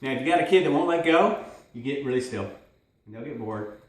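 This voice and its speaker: A man teaching dog training in a casual, rambling way, switching into high excited praise for the dog. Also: fairly quick. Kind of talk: casual hands-on instruction. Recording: very echoey room, mic at a distance.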